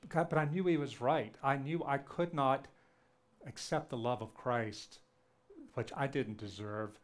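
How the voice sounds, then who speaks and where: Male lecturer, mid-range voice, earnest personal storyteller who acts out bits of dialogue. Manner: earnest, retells dialogue with lively shifts in pitch. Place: lecture event before an audience.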